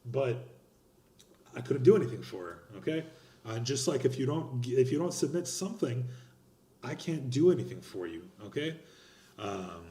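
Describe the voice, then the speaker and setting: A young man teaching a college class covers course policies for a recorded online lecture, speaking casually, bluntly and at some length, with slang and frequent restarts. His warm, medium-pitched voice swings widely in pitch at a normal speed, he pauses often, and the room sounds spacious.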